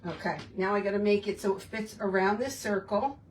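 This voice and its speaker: A woman's voice: medium pitch, brisk, noisy background. Woman, craft host, casual self-talk while working, slightly distant mic, faint room tone. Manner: chatty, self-talking while working with her hands. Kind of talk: casual crafting tutorial chat.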